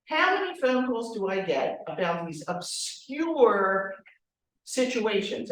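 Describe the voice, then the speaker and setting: With a mid-range voice and a slow pace, the real estate trainer keeps her class engaged through direct, animated talk and repeated rhetorical questions. She is far from the microphone, and the room around her is strongly reverberant.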